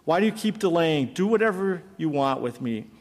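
Man playing a serene old prisoner, steady and unafraid, echo of a large hall. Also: fairly high pitch, a little fast. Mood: calm. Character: calm, fearless elderly male prisoner. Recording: long hall reverb.

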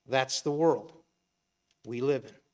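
A man's voice: mid-range voice, slow, darkish tone. A middle-aged man giving a conversational sermon, asking rhetorical questions and briefly acting out imagined voices. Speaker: preacher.

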